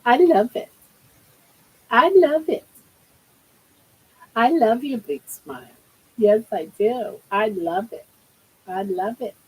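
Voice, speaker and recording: A woman's voice: a little high, takes it slowly, pauses often, warm tone, slightly rough, poor audio. An older woman hosting a casual livestream from home, cooing baby talk to her pet. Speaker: livestream host.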